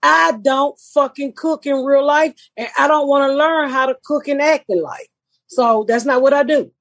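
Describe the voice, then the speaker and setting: A woman's voice: high-pitched, steady tone, normal speed, no echo, clean studio sound. A middle-aged woman comedian hosting a podcast, brash, blunt and profane. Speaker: host, comedian. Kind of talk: casual podcast chat.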